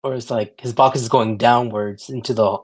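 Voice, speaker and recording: A man's voice: medium pitch, fairly even intonation, normal speed. Podcast guy, kinda hesitant, lots of uhs, chill horror movie chat. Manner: hesitant, lots of fillers and restarts. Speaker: podcast co-host. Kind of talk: casual movie-review chat.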